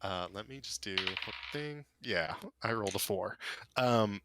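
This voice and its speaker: A man's voice: on the low side, lively intonation, measured pace, noisy background. A man narrating as game master of a tabletop game, loose and full of fillers.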